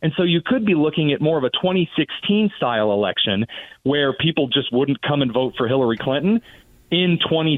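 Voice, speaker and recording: Male radio guest on a phone line, slightly high voice, dry and tinny sound, sarcastic and mocking. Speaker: guest commentator. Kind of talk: political talk radio interview.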